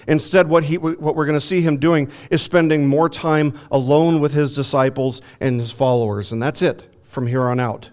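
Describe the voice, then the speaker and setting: A man preaching an expository sermon as a pastor, emphatic, slowing down to stress key words and asking the congregation rhetorical questions. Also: medium pitch, fairly even intonation, darkish tone. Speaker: pastor teaching a Bible lesson.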